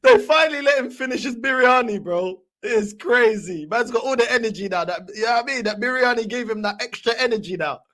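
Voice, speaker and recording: A man hosting a football fan channel, reacting to clips with excitable, laughing, slang-heavy banter. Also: very high-pitched, fast talker, few pauses. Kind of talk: casual reaction commentary.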